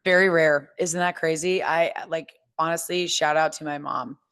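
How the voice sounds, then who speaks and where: A woman's voice: sits low, steady tone, normal speed, fairly bright tone, clear, resonant tone. A young woman hosting a podcast, talking openly and with feeling, full of fillers and restarts. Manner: open, emotional, chatty with many fillers and restarts. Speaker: podcast host. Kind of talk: candid casual chat.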